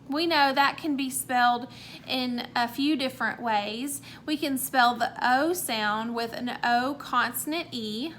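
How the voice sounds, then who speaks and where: A woman teaching a recorded phonics lesson to young children, sounding out words slowly and clearly and praising each answer. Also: high-pitched, fairly bright tone, a little hiss or hum.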